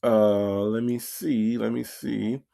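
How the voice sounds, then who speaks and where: Gravelly man greeting his livestream chat. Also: on the low side, steady tone, takes it slowly, mellow. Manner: greets chat viewers by name, repeats hellos. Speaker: livestream host. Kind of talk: casual livestream shout-outs.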